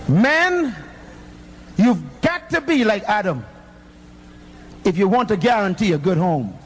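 Fiery high-voiced preacher. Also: male voice, sing-song, normal speed, slight background noise. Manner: emphatic, fiery, fires rhetorical questions. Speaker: pastor. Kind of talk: sermon.

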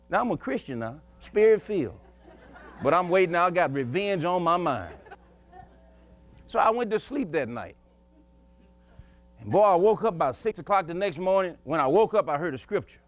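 A man's voice: high voice, big pitch swings, moderate pace, long pauses. A male preacher telling a folksy story in a sermon, chuckling and emphatic as he goes.

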